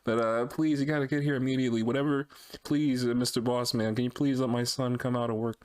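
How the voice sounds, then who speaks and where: A man voicing a pretend father phoning a boss to pull his son out of work, pleading and hurried. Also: mid-range voice, flat delivery, clear, resonant tone, close to an everyday voice. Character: man faking a worried father calling a boss.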